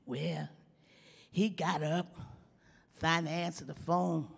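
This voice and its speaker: A woman's voice: low voice, steady tone, slow, creaky, breathy edge, exaggerated voice. An actress playing a bawdy older woman comedian, telling teasing stories in a live stage comedy monologue. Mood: sassy. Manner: bawdy, teasing, drawls and chuckles through punchlines. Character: sassy old woman comedian, bawdy storyteller. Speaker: stand-up comic in a stage play. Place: large theater stage with audience. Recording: long reverb of a large hall.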